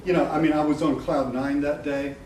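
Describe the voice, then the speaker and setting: In this casual live webinar talk, a middle-aged presenter addresses a room with frank humor, frequent swearing and plenty of laughter. He speaks a little fast in a slightly high, steady voice with a darkish tone. He's captured from afar in an echoey room, background noise included.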